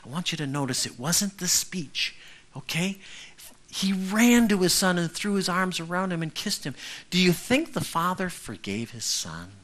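A man's voice: sits high, big pitch swings, normal speed, fairly bright tone. A male pastor preaching a conversational sermon who keeps checking in with the congregation.

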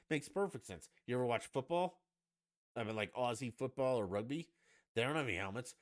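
A man's voice: mid-range voice, animated, a little fast. A man hosting a solo podcast, ranting in a profane, sarcastic and argumentative way. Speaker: podcast host.

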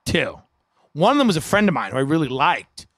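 Casting: comedian host, higher man's voice, dry close sound, rambling storyteller. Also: fairly quick, no room sound. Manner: rambling, animated anecdote telling.

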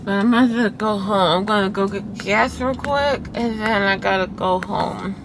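Woman, casual vlog chat, rambling, phone camera in a car, clear road noise behind. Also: medium pitch, moderate pace. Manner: chatty, rambling, talks to viewers. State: numb mouth after dental work, sleepy. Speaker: vlogger. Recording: noisy car recording.

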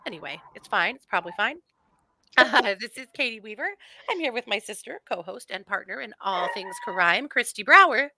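A woman's voice: fairly high pitch, animated, moderate pace, bright, forceful tone. A middle-aged woman co-hosting a podcast in casual chat, laughing often. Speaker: podcast co-host.

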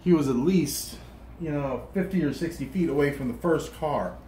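A man's voice: a little high, normal speed, dark tone. A man with a Southern US accent chatting casually as he cooks, rambling with many restarts and fillers. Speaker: cooking vlogger. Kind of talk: casual chat while cooking. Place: hotel room. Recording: roomy, distant mic, faint room hum.

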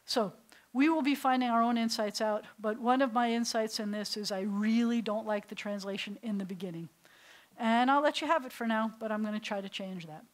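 A woman's voice: fairly high pitch, brisk, poor audio. Rabbi teaching a class, storytelling woman. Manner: storytelling, asks the class questions. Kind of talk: classroom lecture to adult learners. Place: synagogue classroom.

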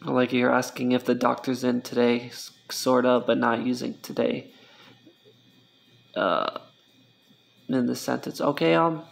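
A man's voice: medium pitch, steady tone, vocal fry, a little hiss or hum. A man teaching an informal Spanish lesson, repeating words for practice and often stopping to correct himself. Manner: slow, self-correcting, repeats words for drill. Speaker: Spanish tutor.

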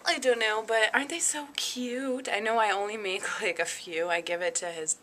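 A woman's voice: mid-range voice, moderate pace, a bit bright, a little hiss or hum. A young woman chatting casually in a home vlog, giggly and full of ums and likes. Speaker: vlogger.

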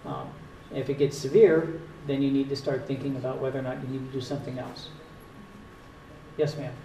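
This cardiologist, speaking with a Northern US accent in a mid-range, dark voice, moves briskly as he explains heart health patiently with a few dry jokes. He's in a community hall at a retirement home, recorded echoey and distant with faint hiss.

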